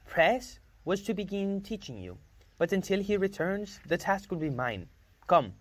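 A man voicing a calm, patient woman healer in a storybook reading, speaking softly and soothingly. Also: high-pitched, no room sound, pitched above the performer's own voice, full character voice. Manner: soft, soothing, measured speech.

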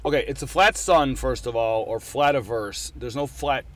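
A man's voice: medium pitch, moderate pace, fairly bright tone. A young man in an online group voice chat, bantering with dry, punning comebacks. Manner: dry, punning back-and-forth. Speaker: voice chat participant. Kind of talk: casual joking banter.

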